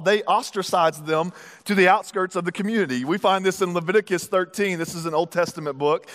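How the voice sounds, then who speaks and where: A man's voice: high voice, a bit bright, long reverb tail. A man from the United States preaching a sermon as pastor, casual, with joking asides.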